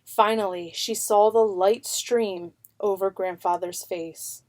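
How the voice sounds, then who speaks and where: A woman narrating a children's picture book in an unhurried, expressive way. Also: medium pitch.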